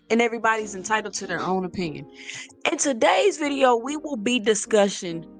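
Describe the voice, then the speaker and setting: A woman hosting a boxing channel, giving casual opinions in a loose, chatty way full of "like" and "y'all", her voice sounding a bit rough today. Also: a little high, a bit bright. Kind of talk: casual commentary vlog.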